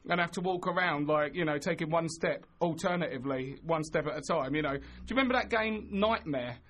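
A man's voice: fairly high pitch, fairly quick, a bit bright. A man with a London accent, co-hosting a casual chat and joking around with comic bits. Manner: jokey, puts on voices for bits.

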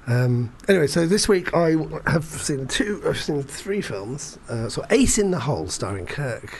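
This man's voice sits a bit high and swings widely in pitch, moving at an ordinary speed. He's a performance poet co-hosting a podcast, casually chatting through meandering stories full of fillers and false starts.

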